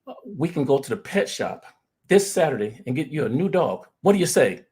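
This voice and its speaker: A man voicing a stern father who yells at his young son, in a husky voice. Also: a little high, big pitch swings, brisk. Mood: coaxing. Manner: yelling, scolding.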